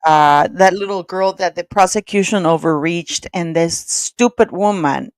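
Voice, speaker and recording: A woman on a live call-in panel, talking in a chatty, excitable way with many restarts. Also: on the low side, measured pace, no room sound, clean studio sound. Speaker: regular panelist. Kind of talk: casual live call-in chat.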